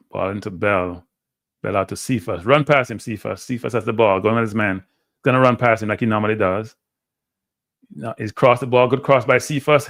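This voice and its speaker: A man's voice: mid-range voice, a bit bright, no room sound, studio quality. A man hosting a live watchalong, calling football play-by-play with blunt, frustrated fan commentary. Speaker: watchalong host.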